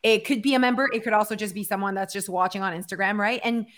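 A woman's voice: mid-range voice, fairly even intonation, fast. A woman co-hosting a podcast, chatting with an upbeat, enthusiastic manner. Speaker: podcast co-host. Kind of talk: casual podcast interview.

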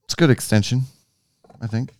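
A man's voice: medium pitch, a little fast, darkish tone, dry recording, studio quality. A man co-hosting a casual basketball podcast, loose and joking, with easy swearing. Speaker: podcast co-host.

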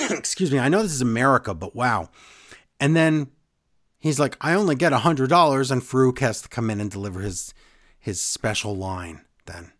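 A man's voice: mid-range voice, very animated, moderate pace, long pauses, a bit bright. A man co-hosting a casual chat, retelling a show in detail and briefly mimicking the people he quotes. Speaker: podcast co-host recapping wrestling.

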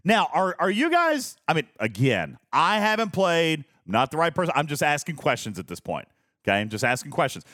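A man's voice: fairly high pitch, big pitch swings, brisk, fairly bright tone, no echo, studio quality. A man hosting a casual live stream, rambling, laughing often and reading chat messages aloud. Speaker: streamer host.

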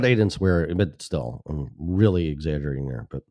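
A man's voice: fairly low pitch, big pitch swings, unhurried, darkish tone, dry recording, studio quality. A man from the Chicago suburbs hosting a talk show, rambling alone at the mic in a sarcastic, profane way and interrupting himself. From Chicago suburbs, Illinois. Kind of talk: solo rambling monologue.

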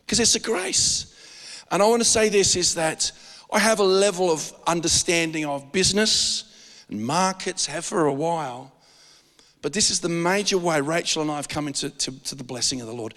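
A man with an Australian accent preaching a sermon as pastor, animated and joking, with frequent restarts. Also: high-pitched, in a large hall.

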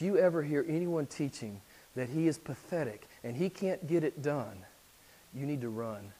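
A male pastor preaching a sermon, his voice sitting a little high for a man. He drops to hushed, intense passages and then climbs into loud, urgent exhortation. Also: expressive, moderate pace.

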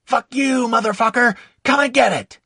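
A man's voice: very high voice, normal speed, vocal fry, pushed and bright, husky, no room sound, clean studio sound, pitched above the performer's own voice, heavily acted. A man voicing a brash eighteen-year-old soldier who bellows defiantly in the middle of combat.

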